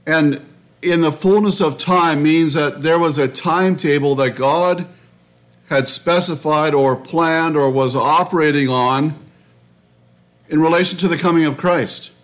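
A man preaching a sermon in a measured, reflective way, often restarting his phrases. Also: fairly high pitch. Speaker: pastor.

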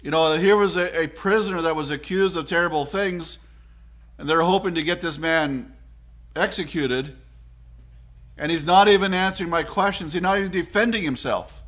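A man's voice: fairly high pitch, moderate pace, a bit bright. A Canadian man preaching a sermon in an earnest, reflective way, with frequent restarts and fillers.

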